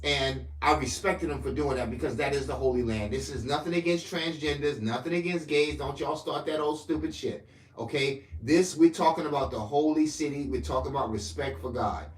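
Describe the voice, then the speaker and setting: A man delivering a profane ranting political monologue to camera, swinging between loud outbursts and low mutters. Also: brisk, roomy sound, a little hiss or hum. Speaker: political commentator.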